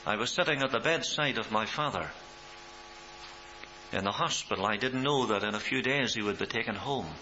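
A man preaching a sermon, swelling in pitch and loudness for emphasis, on a dull recording with mains hum. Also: moderate pace.

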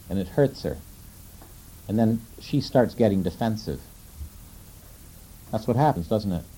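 Dark-voiced man preaching a sermon. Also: low voice, husky, rough recording. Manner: conversational, asks the audience questions; slows down to quote scripture.

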